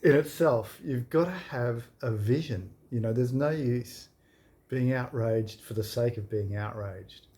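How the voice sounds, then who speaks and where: Man, mid-pitched, plain-spoken co-host in casual chat. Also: measured pace, warm tone. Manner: plain-spoken, chimes in with short remarks. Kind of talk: casual conversation.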